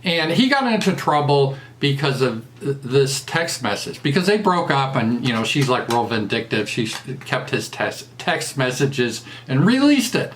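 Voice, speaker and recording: A man's voice: mid-range voice, big pitch swings, normal speed, hardly any pauses, fairly bright tone, a little hiss or hum. A man with a Southern US accent doing a casual commentary monologue, mocking and crude, laughing at his own jokes. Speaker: political commentator.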